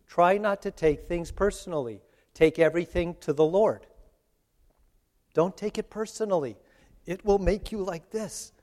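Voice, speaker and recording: A man giving a conversational sermon, slowing down for emphasis and laughing at his own asides. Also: sits high, a little mellow. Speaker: preacher. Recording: long hall reverb.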